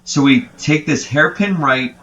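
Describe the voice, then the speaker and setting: A man co-hosting a podcast, telling an animated story in casual chat. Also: on the high side, a little slow, dull audio. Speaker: podcast co-host.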